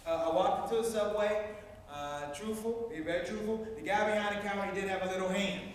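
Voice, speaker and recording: A man from Washington, D.C., with an East Coast accent, doing animated stand-up storytelling for a live audience. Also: high voice, fast talker, a crowd in the background. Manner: animated, playful, acts out both sides of dialogue. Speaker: stand-up comedian. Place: university event hall, live audience. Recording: echoey hall, voice from far off, audience noise.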